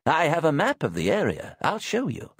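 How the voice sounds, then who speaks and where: An audiobook narrator performs a full character voice: a croaky, frail, hard-of-hearing gentleman in his late sixties who is genial, fussy and polite, and rambles about old motorbikes. The husky voice sits well above the narrator's own on the high side, with huge pitch swings at a normal speed. It's recorded close on a dry mic with no room sound.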